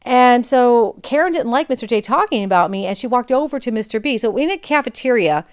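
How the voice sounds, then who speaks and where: Candid woman podcaster, smooth voice. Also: a little high, animated, a little fast. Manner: candid, chatty, digressive. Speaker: podcast host. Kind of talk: personal storytelling.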